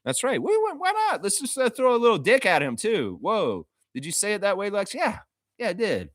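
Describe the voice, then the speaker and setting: Lively profane fan host, dry close mic. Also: male voice, high-pitched, a little fast, no room sound. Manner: animated, profane, laughing, reads chat comments. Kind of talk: casual live-stream sports chat.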